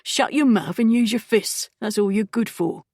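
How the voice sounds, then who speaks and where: A bossy street thug with rough, threatening speech and a sneer in every line, as a woman narrator puts him on. The voice is gravelly and close, on a dry recording. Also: mid-range voice, normal speed, darkish tone, dry recording. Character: rough-spoken male thug, menacing and bossy.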